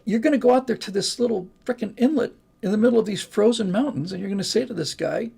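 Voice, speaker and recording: A man's voice: sits high, quick pace, creaky, dark tone, breathy edge. An older man hosting a live stream, chatting casually and reading comments in a rambling, folksy way. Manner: rambling, folksy, restarts and asides.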